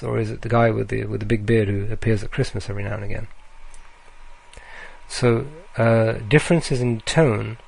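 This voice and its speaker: A man giving a recorded slide lecture, speaking deliberately with frequent ums and uhs. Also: on the low side, creaky, darkish tone, dry recording.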